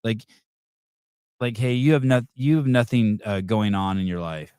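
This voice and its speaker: A man's voice: lowish voice, animated, moderate pace, darkish tone, clean tone, dry recording, studio quality. A man hosting a live podcast, reacting to videos in a blunt, profane rant. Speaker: podcast host.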